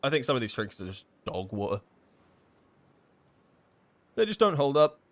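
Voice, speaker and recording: A man's voice: mid-range voice, sing-song, normal speed. A man live-streaming a game, chatting casually and thinking aloud, full of fillers and restarts as he answers chat questions.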